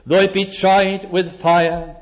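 A man preaching a sermon with slow, emphatic phrasing, pausing for effect and reading scripture aloud. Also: sits high, little pitch movement. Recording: dull lo-fi recording.

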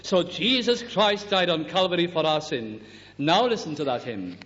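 A man preaching a sermon, slow and deliberate, reciting scripture and hymns and dropping his voice low on key words. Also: lively intonation, fairly bright tone. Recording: dull lo-fi recording in a reverberant hall.

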